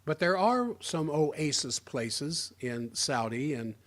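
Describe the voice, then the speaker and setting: Guy ranting sarcastically about politics, kinda high voice, rambles and restarts a lot. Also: very animated, slow pace. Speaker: political commentator. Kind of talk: opinion monologue.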